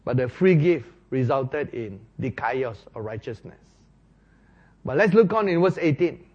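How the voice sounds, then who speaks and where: A man preaching a sermon, explaining Bible verses slowly and stressing key words, often asking the listeners questions. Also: mid-range voice, expressive, highs cut off. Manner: slow, emphatic, rising to loud stresses on key words.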